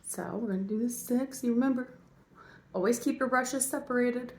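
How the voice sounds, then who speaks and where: A woman's voice: a little high, normal speed. A woman, an actress and mom, chatting playfully to her viewers as she walks them through her makeup routine. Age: adult parent. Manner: silly, chatty, talks straight to viewers. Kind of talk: casual makeup tutorial.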